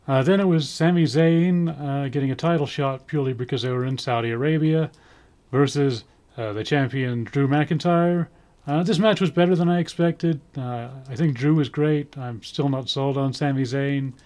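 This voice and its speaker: A man's voice: medium pitch, moderate pace, darkish tone. A man giving a casual spoken review in a rambling way, full of ums, with dry sarcastic asides. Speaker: wrestling show reviewer.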